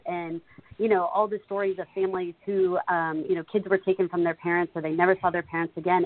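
Podcast co-host, female, lower-pitched, eager fan talk, tinny phone-line audio. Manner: enthusiastic, chatty, laughs easily. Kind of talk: casual TV recap chat.

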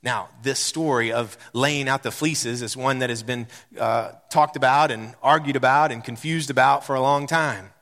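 A man in his thirties preaching a sermon, animated and building to loud repeated declarations. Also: medium pitch, normal speed, few pauses, long reverb tail. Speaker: pastor. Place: church sanctuary.

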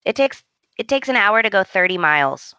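A woman's voice: medium pitch, big pitch swings, fairly quick, sharp tone, no room sound. A woman co-hosting a podcast, chatting about soap opera scenes and quoting characters in a raised voice. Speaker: podcast co-host. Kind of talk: casual soap opera recap chat.

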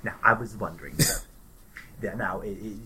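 A nervous young apprentice stammers out polite apologies and keeps calling his master "sir", as a player puts him on. His voice is lowish but bright, and he stumbles over his words. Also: normal speed, rough recording. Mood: deferential. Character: humble young male apprentice, nervous and deferential.

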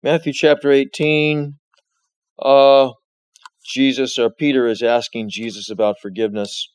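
A man delivers a sermon at a deliberate, unhurried pace, his mid-range voice swelling with emphasis on key phrases. The sound is dry and close, with little room around it. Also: medium pitch, little pitch movement, a little mellow, clean tone, dry recording. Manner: slow, emphatic preaching with rising bursts. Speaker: pastor.

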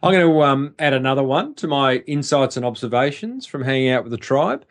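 A man's voice: mid-range voice, animated, fairly quick. A man co-hosting a marketing podcast, sharing reflections in a casual way, with hesitant restarts and frequent fillers. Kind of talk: casual business chat.

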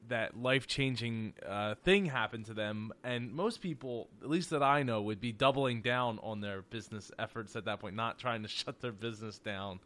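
A man's voice: lowish voice, normal speed, few pauses, fairly bright tone. A man hosting an interview, chatty and teasing, responding to his guest. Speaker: interview host. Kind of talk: casual interview chat.

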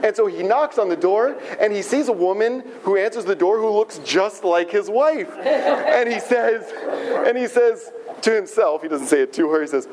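Man, rabbi, animated storytelling sermon, higher pitch for a man. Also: normal speed, crowd noise.

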